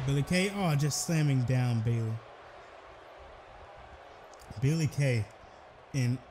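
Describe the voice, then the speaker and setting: A young man giving excitable play-by-play commentary over a wrestling video game, breaking into shouted exclamations. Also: medium pitch, slight background noise.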